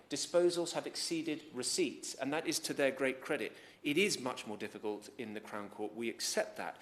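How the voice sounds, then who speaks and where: Measured man giving a formal speech. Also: medium pitch. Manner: measured, courteous, formal with occasional restarts. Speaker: government minister answering a debate.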